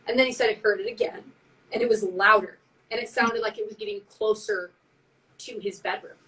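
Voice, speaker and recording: A woman telling a spooky story in casual chat on a live stream, animated and full of "like", acting out what people said. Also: medium pitch, fairly quick, recorded from a distance, poor audio. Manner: animated, heavy use of "like", acts out quotes. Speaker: band member on a live stream.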